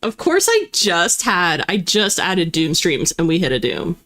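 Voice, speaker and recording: A young woman hosts a livestream, chatting casually with her viewers in a slight Southern US twang. She laughs often and rattles off quick, auctioneer-like spiels. Her voice sits on the low side, a bit bright, with pitch that swoops wildly.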